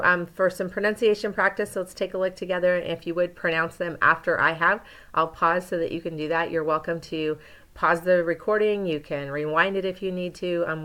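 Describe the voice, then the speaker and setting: Woman teacher leading slow pronunciation drills. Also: on the low side, a bit bright. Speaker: Spanish teacher. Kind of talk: recorded classroom lesson.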